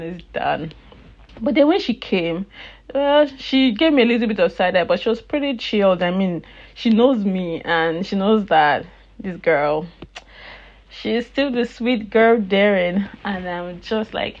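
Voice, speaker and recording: A woman's voice: mid-range voice, unhurried, a little mellow, dull audio. A woman hosting her own podcast, chatting casually and laughing often as she retells conversations with family. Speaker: podcast host. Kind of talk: casual storytelling monologue.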